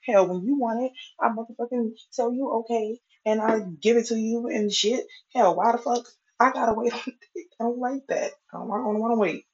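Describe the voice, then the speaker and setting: A woman's voice: a little high, fairly quick. A woman delivering a profane, exasperated comic rant as a vlogger, complaining at length. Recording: dull lo-fi recording.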